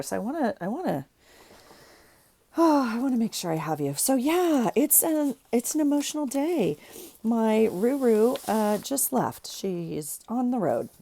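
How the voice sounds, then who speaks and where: A middle-aged woman talks through her crafting in a casual, rambling way, often restarting her sentences. Her voice is a little low and stuffy from crying. The sound is close and dry. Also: a little mellow, no room sound. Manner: chatty, rambling, with frequent restarts. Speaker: crafting vlogger. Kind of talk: casual craft tutorial chat.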